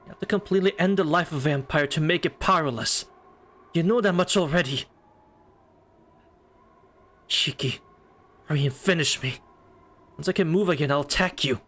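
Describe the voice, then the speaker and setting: A man streamer reading aloud as a proud young female vampire alchemist, with stiff, formal, measured phrasing. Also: a little high, fairly bright tone. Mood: insistent. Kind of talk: reading a game's story mode aloud.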